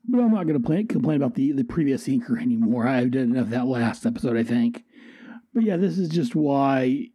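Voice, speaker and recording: A man's voice: medium pitch, animated, a little fast, mellow, breathy edge, no echo. A man giving a casual, rambling and enthusiastic comic book review, often restarting and correcting himself.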